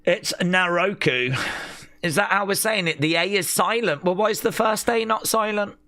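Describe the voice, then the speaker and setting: A man's voice: high voice, moderate pace, pushed and bright, dry recording. A man hosting a live watch-along stream, chatting casually and joking in rambling asides.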